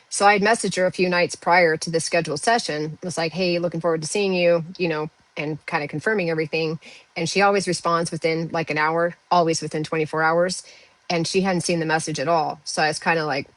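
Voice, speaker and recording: A woman's voice: low voice, dry recording, poor audio. Chatty woman medium telling a story. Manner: chatty, uses "like" and "you know" fillers. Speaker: intuitive health medium. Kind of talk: casual storytelling to camera.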